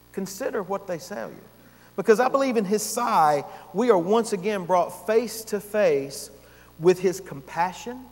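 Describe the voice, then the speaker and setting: A man with a high-pitched voice preaching a sermon, leaning hard on key words and then dropping soft. He pauses for effect and swings his loudness widely. His voice carries a long reverb, as in a large church hall. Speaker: pastor.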